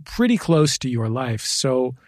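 A man hosting a radio interview, asking relaxed, curious questions. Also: mid-range voice, unhurried, dry recording, clean studio sound. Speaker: interview host.

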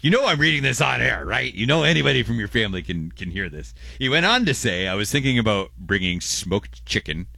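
A man's voice: low voice, pushed and bright, dry recording. A man co-hosting a casual morning radio show, reading out listener messages and rambling with restarts and laughs. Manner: rambling, self-interrupting, laughs often.

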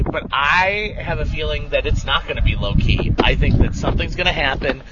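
A man's voice: a little high, fairly quick, hardly any pauses, muffled recording, very noisy. A man co-hosting a radio show, chatting casually and telling jokey stories. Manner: jokey, playful, tells stories. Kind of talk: casual morning radio banter.

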